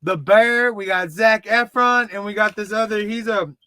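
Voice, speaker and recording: A man in his thirties from Dallas with a Texan accent, rambling excitedly and mocking himself while reviewing a movie. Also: high voice, normal speed. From Dallas, Texas. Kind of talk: casual video review.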